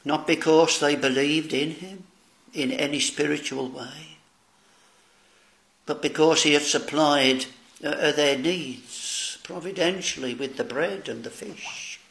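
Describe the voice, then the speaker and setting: A man's voice: a little high, vocal fry, a bit bright. A man preaching a solemn sermon, addressing "dear friends" and quoting old-style scripture. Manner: slow, solemn preaching with archaic scripture phrasing.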